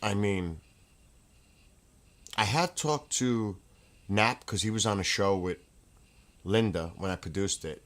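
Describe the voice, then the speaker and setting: A man hosting a casual livestream from home, telling rambling, excitable stories and laughing as he goes. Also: lowish voice, slow pace, long pauses. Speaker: livestream host. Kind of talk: casual chat.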